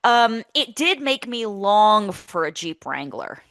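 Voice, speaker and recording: A woman's voice: mid-range voice, big pitch swings, slow pace, a bit bright, no room sound. A woman co-hosting a podcast, chatting casually about a film with blunt, profane, wry remarks. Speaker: podcast co-host. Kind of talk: casual movie-review chat.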